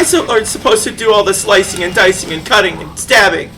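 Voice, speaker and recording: A game streamer chatting casually while playing, rambling and giggly, quick to laugh at their own slips. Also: medium pitch, sharp tone, a little hiss or hum. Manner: rambling, giggly, self-deprecating. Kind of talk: casual live-stream chat while gaming.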